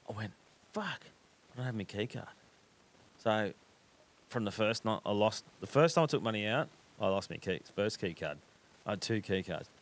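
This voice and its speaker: A man with an Australian accent hosting a podcast, telling a rambling, swear-heavy story in casual chat. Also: medium pitch. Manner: swears constantly, animated, drops into quoted voices. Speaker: podcast host.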